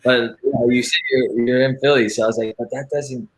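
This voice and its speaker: A man's voice: mid-range voice, flat delivery, fast. Chatty Canadian man in a roomy space. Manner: chatty, laughs a lot. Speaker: co-host. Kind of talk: casual chat.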